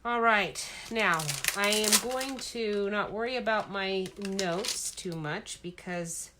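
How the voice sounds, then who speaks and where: A woman's voice: mid-range voice, takes it slowly, background noise. A middle-aged woman chatting casually as she makes a greeting card, rambling and talking to herself as she works. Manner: chatty, rambling, self-talk while working. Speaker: card-making crafter. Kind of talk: casual crafting demo chat. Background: paper crinkling and stamp clicks.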